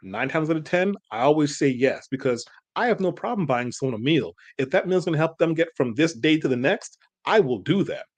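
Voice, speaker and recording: A man's voice: a little high, lively intonation, brisk, few pauses. A man, co-hosting a casual reaction chat, making his case earnestly and at length. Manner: earnest, persuasive, rambling. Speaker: co-host.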